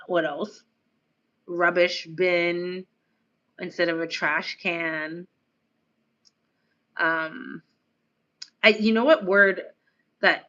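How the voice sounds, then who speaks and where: A woman's voice: fairly low pitch, sharp tone, lo-fi sound. Chatty American woman streamer. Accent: American, slightly Australian-tinged. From United States. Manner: chatty, rambling, lots of "like" and laughing asides. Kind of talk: casual live-stream chat.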